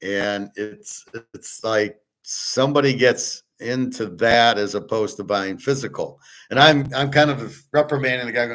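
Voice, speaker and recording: A man's voice: medium pitch, measured pace, few pauses, fairly bright tone, rough recording. A middle-aged man hosting, talking in a blunt, opinionated, rambling way and swearing at times. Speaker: host. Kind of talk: casual rambling monologue.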